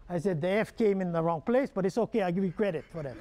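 A man's voice: sits high, lively intonation, fast, few pauses, mellow. A man with a Hawaiian Pidgin accent giving a humorous keynote talk, joking and quizzing the audience with questions. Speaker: keynote speaker.

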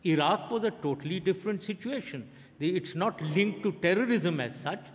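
A man answering questions on a debate panel, halting and repeating words as he makes his point. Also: sits high, animated. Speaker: panel speaker. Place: large concert hall. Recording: long hall reverb.

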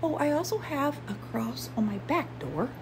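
A woman's voice: sits high, sing-song, moderate pace, music in the background. A woman chatting in a casual home vlog, rambling with many fillers and sometimes dropping to a whisper, filmed on a handheld camera. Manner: drops to a whisper at times. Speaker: vlogger. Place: at home, inside and in the yard.

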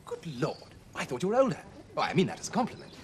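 An actor playing a charming, teasing gentleman with a jovial, theatrical manner in a 1970s period drama. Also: a little high, huge pitch swings, racing. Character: charming upper-class Edwardian gentleman. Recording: hissy old TV soundtrack.

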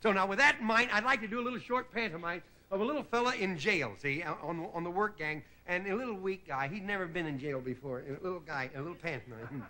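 A man hosting a TV variety show, delivering a stand-up monologue. He chuckles at his own jokes and slips into quick voices for the people in them. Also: sits high. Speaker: comedian host. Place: TV studio stage before a live audience. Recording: loud hiss on a 1960s TV broadcast.

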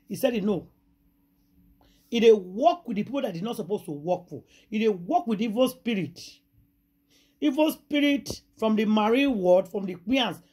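A woman with a Nigerian accent and a husky, breathy, mid-range voice dramatically retells a juicy bit of gossip, repeating her exclamations for effect. She speaks briskly and expressively, keeping things casual like a host chatting with her regular viewers.

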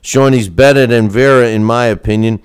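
A man's voice: medium pitch, steady tone, normal speed, clear, resonant tone, natural voice. A man putting on a boozy Irish drinker. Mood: boisterous. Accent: put-on Irish. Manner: blustery, boozy storytelling. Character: drunken rowdy Irish man, brash and boozy.

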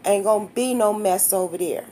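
A woman's voice: medium pitch, moderate pace, warm tone, slight background noise. A woman in her fifties talking straight to her viewers in a casual vlog, blunt, candid, slangy and emotional. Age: 50s. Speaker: vlogger.

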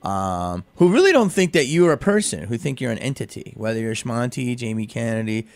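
A man who is a comedian and a radio guest, telling a rambling, animated story full of asides in a studio interview. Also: medium pitch, fairly quick, dry recording.

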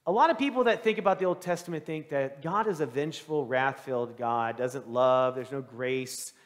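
A man's voice: medium pitch, moderate pace. A male pastor preaching a sermon in a conversational way, quizzing his congregation and acting out the voices in the story. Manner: acts out quoted voices. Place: church sanctuary. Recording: long church reverb.

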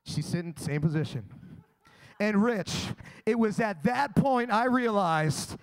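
A man's voice: high-pitched, lively intonation, a little slow, clean tone. A young man doing a crude, boastful stand-up set in a comedy club. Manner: brash, crude, boastful storytelling.

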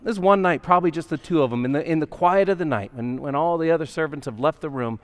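Pastor guy telling a bible story, fairly high voice, acts out the voices, big church echo. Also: quick pace. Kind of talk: sermon. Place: church sanctuary. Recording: long hall reverb.

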